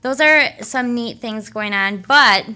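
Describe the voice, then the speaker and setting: A woman's voice: a little high, takes it slowly, pushed and bright, smooth. A woman appearing as a guest in a radio studio, talking about events in an upbeat way with lots of ums. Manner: upbeat, filler-heavy, earnest. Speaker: sales and marketing director as guest. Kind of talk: promotional guest chat. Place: broadcast studio.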